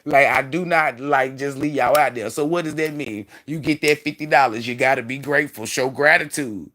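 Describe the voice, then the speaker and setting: Bright, preachy man on a livestream. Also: medium pitch, normal speed. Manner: profane, preachy, rambling. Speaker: livestream host. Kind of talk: spiritual livestream talk.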